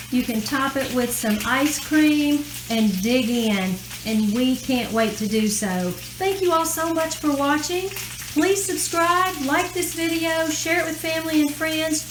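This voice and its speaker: Woman hosting a home cooking vlog, chatty and homey, higher voice, echoey kitchen with faint sizzling. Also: noisy background. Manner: chatty and homey, folksy phrasing. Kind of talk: casual cooking tutorial.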